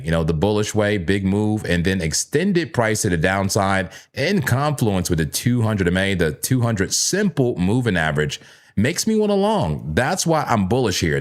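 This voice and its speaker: Animated man hosting a live trading stream. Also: fairly low pitch. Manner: animated, jokey, talks to himself and yells playfully. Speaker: crypto trading livestream host. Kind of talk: live chart analysis chat. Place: home trading room full of screens.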